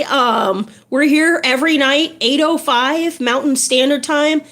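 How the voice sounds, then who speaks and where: A woman with a high voice talks slowly and unhurriedly as she hosts a casual livestream. She is encouraging and chatty, greeting her viewers one by one. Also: fairly bright tone. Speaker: livestream host.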